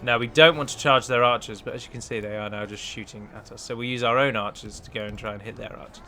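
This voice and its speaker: A man's voice: mid-range voice, fairly even intonation, quick pace, bright, forceful tone, faint music behind. A man hosting a let's play, chatting through a strategy battle and breaking down unit stats in a casual, analytical way. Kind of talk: casual gameplay commentary.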